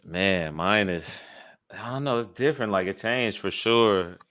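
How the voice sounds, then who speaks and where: A young man with a very low voice, talking slowly in a reflective way with lots of hesitations. The sound is dry and close, with no room around it. He comes across as relaxed among friends. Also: dry recording. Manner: laid-back, hesitant, reflective. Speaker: podcast co-host. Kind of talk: casual chat.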